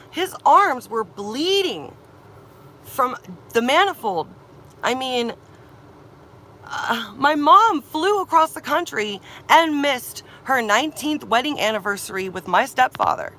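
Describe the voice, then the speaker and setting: A woman's voice: a little high, sharp tone, slight background noise. A young woman venting in a vlog, upset and tearful, swearing and repeating herself. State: tearful and agitated. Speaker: vlogger. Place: camper van or campsite.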